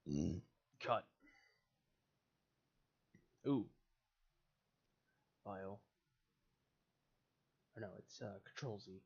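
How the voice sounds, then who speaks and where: Slow, profane male streamer ranting. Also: on the low side, gravelly, breathy edge, lo-fi sound. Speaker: livestreamer. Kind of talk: casual live-stream commentary while building.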